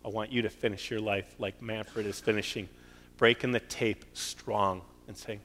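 A man's voice: on the low side, fairly even intonation, moderate pace, a bit bright. A middle-aged man preaching a sermon and closing in prayer as pastor, earnest and pleading, rising to strong emphasis. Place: church sanctuary. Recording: long hall reverb.

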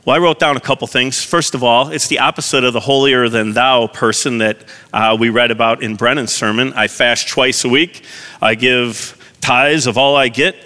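A man's voice: medium pitch, sharp tone. Earnest man preaching in a reverberant hall. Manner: earnest, asks the congregation direct questions. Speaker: pastor. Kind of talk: sermon.

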